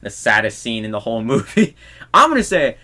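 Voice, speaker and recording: A young man hosting a casual movie review podcast. His voice sits at an everyday middle pitch, and he talks in an excitable, rambling way, laughing often as he goes. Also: brisk. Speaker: podcast host.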